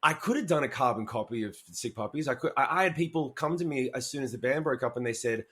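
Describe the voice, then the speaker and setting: A man's voice: mid-range voice, fast talker, few pauses, a bit bright. A man being interviewed as a musician guest, talking candidly, swearing freely and acting out quoted asides as he tells stories.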